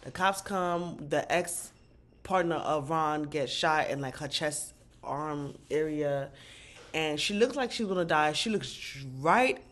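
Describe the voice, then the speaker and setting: Slangy, animated woman recapping TV. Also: deep voice, slow. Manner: animated, slangy and profane, with outbursts of disbelief. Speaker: TV recap vlogger. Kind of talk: casual recap commentary.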